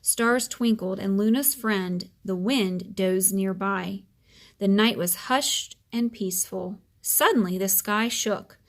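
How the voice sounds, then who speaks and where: A woman reading a children's story aloud in a gentle, expressive way. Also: medium pitch, slow pace.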